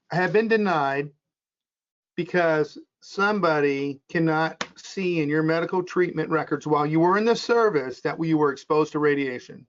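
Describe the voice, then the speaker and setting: A man interviewing a veteran, asking questions and summing up the story in a steady, explaining way. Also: on the high side. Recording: muffled, lo-fi recording.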